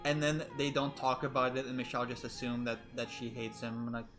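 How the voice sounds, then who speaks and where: Man reading a visual novel out loud, mid voice, quiet reflective, chats in between, bit of music behind. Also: medium pitch, fairly even intonation, a little fast. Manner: soft-spoken, reflective, with chatty asides. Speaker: let's play host.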